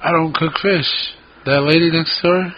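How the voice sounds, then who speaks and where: A man's voice: fairly high pitch, fairly even intonation, moderate pace, a little hiss or hum. A man co-hosting a podcast, telling rambling stories in casual chat and swearing freely. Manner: profane, rambling storyteller. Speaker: podcast co-host. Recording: dull lo-fi podcast audio.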